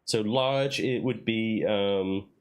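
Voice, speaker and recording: In casual let's-play commentary, a man with a lowish voice talks slowly while streaming a puzzle game, thinking out loud and trying out made-up words.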